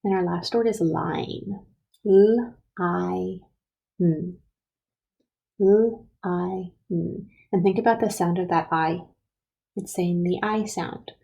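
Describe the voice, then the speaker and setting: A woman teaching first graders a phonics lesson, sounding out letters and syllables slowly and sometimes dropping to a whisper. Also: on the low side, dark tone, rough recording. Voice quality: gravelly and husky. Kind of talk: slow, careful phonics lesson.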